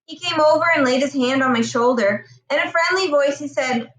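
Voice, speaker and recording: A woman reading a novel aloud chapter by chapter, with gentle, steady storytelling. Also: high voice, a little fast, few pauses. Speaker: reader. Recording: roomy echo, distant mic.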